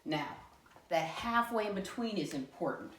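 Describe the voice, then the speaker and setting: A woman's voice: mid-range voice, expressive, moderate pace, a little hiss or hum. A woman teaching young children, asking patient, sing-song questions. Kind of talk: classroom lesson for young children. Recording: echoey room, mic far off.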